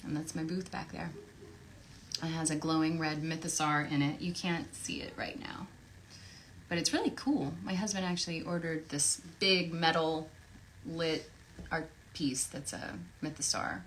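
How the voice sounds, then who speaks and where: A woman's voice: low-pitched, a little slow, fairly bright tone, a little hiss or hum, poor audio. A woman from Tennessee, a voice actress chatting playfully from home while she signs autographs during a live stream. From Tennessee, USA. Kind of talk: casual livestream chat. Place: home, near her recording booth. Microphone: desk microphone.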